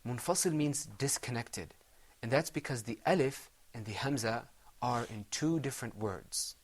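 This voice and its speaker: A man's voice: mid-range voice, normal speed. Patient man teaching Quran recitation. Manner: patient, explains step by step and chants Arabic examples. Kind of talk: televised recitation lesson.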